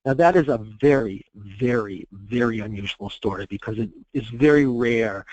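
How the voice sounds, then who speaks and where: A man presenting a therapy case at a conference, telling it in a measured, explanatory way with frequent fillers. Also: mid-range voice, no room sound, poor audio. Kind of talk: conference talk, case storytelling.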